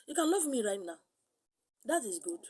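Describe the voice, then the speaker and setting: A middle-aged woman with a Nigerian accent preaching a sermon, animated, slipping into pidgin and acting out other voices. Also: fairly high pitch, moderate pace, breathy edge. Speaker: spiritual teacher.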